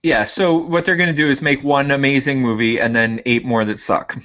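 A man co-hosting a podcast, chatting casually and telling jokey, animated stories. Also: mid-range voice, a little fast, dull audio. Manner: joking, animated storyteller. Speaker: podcast co-host. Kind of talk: casual chat.

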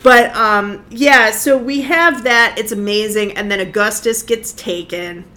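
A woman's voice: medium pitch, unhurried, pushed and bright. A woman co-hosting a podcast, chatting casually and enthusiastically about a film, laughing often and restarting her sentences. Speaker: podcast co-host. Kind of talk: casual film discussion chat.

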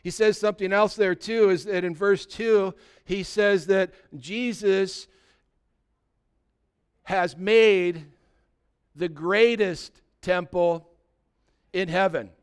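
A man's voice: high voice, steady tone, takes it slowly, pauses often, smooth. A male pastor delivering an earnest sermon, exhorting his congregation directly.

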